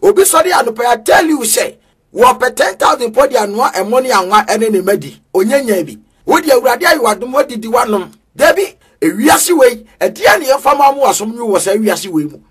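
A man with a Ghanaian accent preaching a sermon in a sing-song cadence with sudden shouts. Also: very high-pitched, sing-song, brisk, husky.

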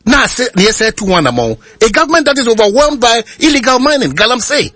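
A man's voice: very high-pitched, very animated, fairly quick, sharp tone, dry recording, studio quality. A Ghanaian man hosting a radio talk show, arguing politics with passion and often cutting in to hold the floor. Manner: impassioned, repeatedly cuts in with "hold on". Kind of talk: heated political debate.

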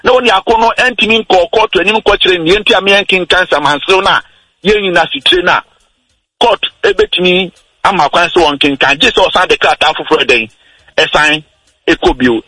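A man on a radio talk show, patiently explaining how wills and estates work, slowing down on his key points. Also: high-pitched, bright, forceful tone, husky, dry recording, poor audio. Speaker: legal explainer guest.

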